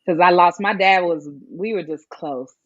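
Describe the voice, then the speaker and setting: A woman's voice: lowish voice, moderate pace, dry recording, highs cut off. A woman guest speaking earnestly and reflectively in an interview, telling a personal story. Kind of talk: conversational interview.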